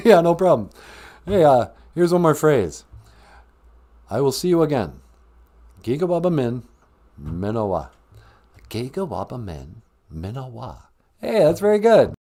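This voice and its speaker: A man's voice: medium pitch, sing-song, normal speed, pauses often, warm tone. A man with a Minnesotan accent hosting a comedic podcast, chatty and upbeat, laughing easily. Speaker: podcast host.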